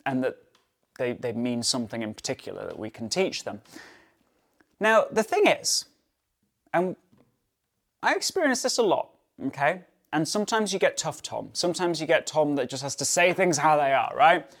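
A man's voice: a little high, sing-song, normal speed, long pauses, fairly bright tone. A man hosting a solo dog-training podcast, talking in a chatty way with many fillers and tag questions. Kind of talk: casual solo podcast talk.

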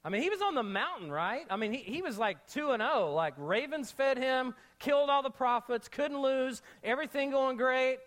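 A male pastor preaching an energetic sermon, mixing jokes and slangy asides into the message. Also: very high voice, normal speed, hardly any pauses.

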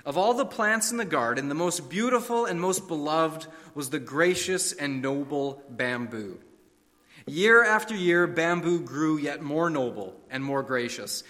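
A man's voice: a little high, bright, forceful tone, big-room sound. A man preaching a sermon, telling stories and fables with a dramatic, varied delivery. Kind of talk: sermon with storytelling.

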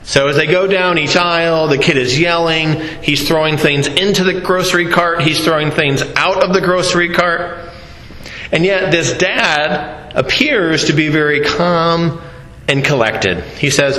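Preacher, male, slightly high voice, storytelling sermon, echoey church hall. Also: bright, forceful tone. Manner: storytelling, slow deliberate delivery, playful asides to congregation. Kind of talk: sermon with audience interaction.

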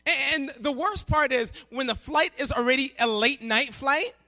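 A young man delivers a sermon with lively, animated storytelling, slipping into the voices of the people in his tale. His voice sits high and sounds bright and forceful. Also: moderate pace. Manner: animated storytelling, acting out characters. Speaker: pastor.

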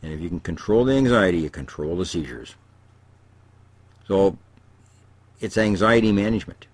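A man with a very low, slightly husky voice explains coping skills like a therapist. He talks slowly and calmly, checks in with a rising "okay?", and goes soft and hushed on soothing words. The sound is dry and close, with no room behind it. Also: no echo. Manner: slow, calm, repeats "okay?" to check in; softens and drops to a hushed voice on calming words. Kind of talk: instructional talk.

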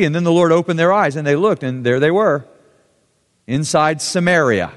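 A man's voice: fairly high pitch, fairly quick. Man preaching in a reverberant church. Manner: dramatic reading, voice rising and dropping with the text. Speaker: pastor. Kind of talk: sermon with scripture reading. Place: church sanctuary. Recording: church hall with long reverb.

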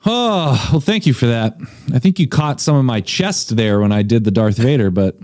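A man's voice: mid-range voice, expressive, moderate pace, a little mellow. A man chatting as a podcast guest, self-deprecating and hesitant, with many fillers. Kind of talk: casual chat.

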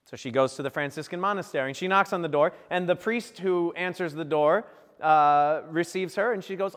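A man's voice: fairly high pitch, brisk, a bit bright, long reverb tail. A man preaching, telling a saint's story in a joking, playful way and acting out the characters. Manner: playful, jokey storyteller who acts out the characters. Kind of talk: humorous storytelling homily.

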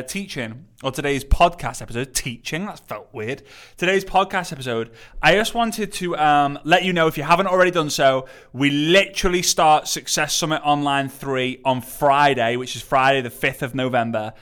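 A man from England with an English accent and a slight lisp, hosting a solo motivational podcast in an emphatic, energetic way and repeating key phrases, still recovering from an illness. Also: on the high side, moderate pace, clear, resonant tone. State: recovering from illness, not fully well. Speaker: podcast host.

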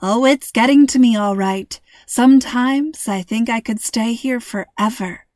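A cheerful, playful mother in a storybook, warm and teasing, read by a woman narrator. Her voice sits slightly high. The recording is dry and close. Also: a little slow, no room sound, close to an everyday voice.

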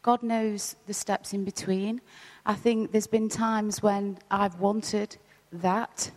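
A woman, sharing reflective advice as a panel guest and often pausing and restarting. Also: mid-range voice, fairly even intonation, darkish tone, big-room sound. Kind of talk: live church panel talk. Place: church hall.

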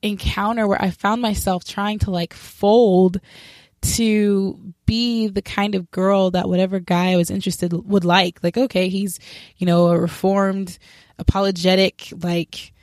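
A young woman speaking a casual personal faith testimony, candid and self-reflective, describing herself as sharp and straightforward and acting out remembered conversations. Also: medium pitch, flat delivery, unhurried, no room sound, clean studio sound.

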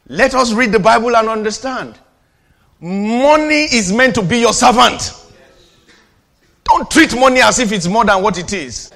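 High bright-voiced preaching pastor. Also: male voice, animated, a little slow, vocal fry, long pauses. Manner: preachy call-and-response, swings from shouting to quiet asides. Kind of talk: sermon.

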